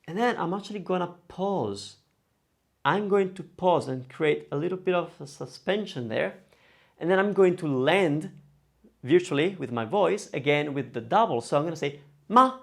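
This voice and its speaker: A man teaching pronunciation in a casual video lesson, saying each word slowly and repeating it. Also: on the high side, expressive, vocal fry. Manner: demonstrates words slowly and repeats them. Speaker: Italian language teacher.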